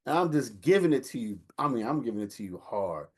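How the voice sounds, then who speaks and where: A man, telling a lively family story in casual chat and acting out the voices of the people in it. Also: medium pitch, fast, slightly rough. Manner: animated storyteller, acts out quotes, laughs while telling. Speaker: older brother telling a story.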